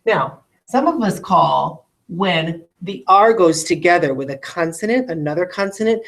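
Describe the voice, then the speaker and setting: A woman's voice: lowish voice, poor audio. Woman teacher stretching out phonics sounds. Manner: stretches out word sounds slowly, asks rhetorical checks. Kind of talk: recorded phonics lesson for classrooms.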